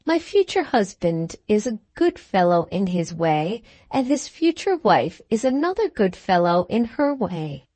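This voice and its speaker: A rich, self-possessed woman who cuts down criticism without raising her voice, as a woman reader plays her. She speaks slowly and deliberately, with a lively lilt and a dry, close sound. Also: medium pitch, no room sound. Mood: coolly defiant. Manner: calm, cutting and composed. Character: wealthy, cool, self-assured woman engaged to a young lord.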